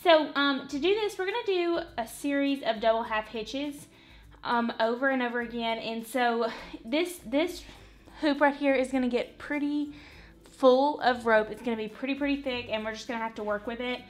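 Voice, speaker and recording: At a moderate pace and in a high-pitched voice, a craft vlogger talks through a rambling, easygoing tutorial from home while making a wall hanging. She keeps saying "y'all" and "literally."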